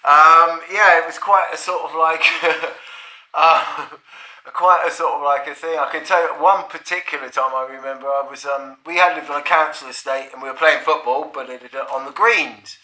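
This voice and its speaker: A man's voice: a little high, steady tone, moderate pace, pushed and bright. A middle-aged man, telling a personal anecdote in a rambling, profane, chuckling way. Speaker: storyteller. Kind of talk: casual anecdote. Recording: roomy echo.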